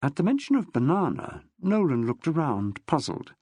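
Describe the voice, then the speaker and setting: A man narrating a novel as an audiobook, with an expressive storyteller's lilt. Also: on the high side, moderate pace, hardly any pauses, husky, no room sound, studio quality.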